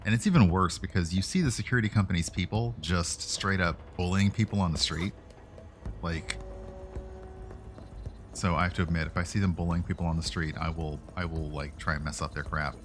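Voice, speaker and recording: Deep-voiced man chatting over gameplay. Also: fairly quick, a little hiss or hum. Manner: rambling, with frequent fillers and self-corrections. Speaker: streamer. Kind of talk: casual gameplay commentary.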